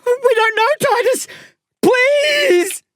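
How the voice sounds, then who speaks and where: A woman's voice: very high voice, very slow, fairly bright tone, no room sound, studio quality, voice pushed up, exaggerated voice. Woman doing a shrieking, terrified boy. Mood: frantic. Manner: desperate, shrieking pleas. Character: terrified young boy screaming in pain.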